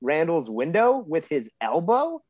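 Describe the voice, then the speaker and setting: A man tells stories in a relaxed, rambling way, leaning on fillers as he goes. His voice sits on the higher side. The sound is dull and dry, with a lo-fi edge. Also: measured pace, dry recording. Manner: relaxed, laid-back storytelling with lots of fillers. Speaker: podcast guest, pro wrestler. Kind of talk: casual storytelling chat.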